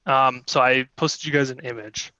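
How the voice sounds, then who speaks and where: Man, dungeon master, chatty narration, bright voice, dry video call. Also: medium pitch, steady tone, moderate pace, dry recording, highs cut off. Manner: loose, chatty narration with fillers. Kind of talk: narrating a tabletop game.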